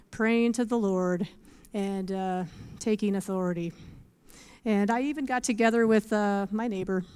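A woman tells her faith testimony in an earnest, animated way, often breaking into small laughs. Her voice is smooth and clear, at a mid pitch. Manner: earnest, animated storytelling with scripture quotes. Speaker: speaker giving a faith testimony. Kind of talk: testimony talk.

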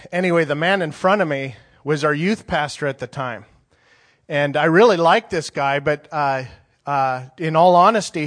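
Middle-aged preacher guy telling a story in his sermon, kinda high voice, rambly and chatty. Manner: conversational, rambling with many restarts.

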